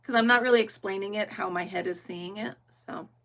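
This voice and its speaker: With a fairly bright tone and a slightly quick delivery at medium pitch, this middle-aged woman keeps up relaxed, laugh-filled talk while crafting live. She thinks things through aloud and addresses her viewers directly.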